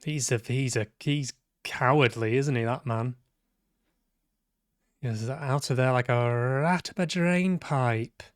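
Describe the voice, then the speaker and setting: Male streamer, unhurried and sardonic, dry close sound, swears freely. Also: mid-range voice, no echo. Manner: sweary, sarcastic, talks back at the characters. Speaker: game streamer. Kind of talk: live let's-play commentary.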